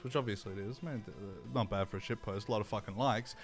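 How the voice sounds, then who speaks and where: A man's voice: on the low side, quick pace, faint music behind. A young man hosting a livestream, ranting in a crude, sarcastic commentary style. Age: young adult. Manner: crude, sarcastic, mocking asides. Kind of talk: profane casual commentary rant.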